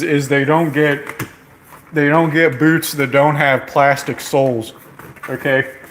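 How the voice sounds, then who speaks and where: A man's voice: a little high, fairly bright tone, slight background noise. A man ranting in a brash, profane, comedic vlog, repeating himself and tagging lines with "okay?". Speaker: vlogger. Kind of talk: rambling comedic rant.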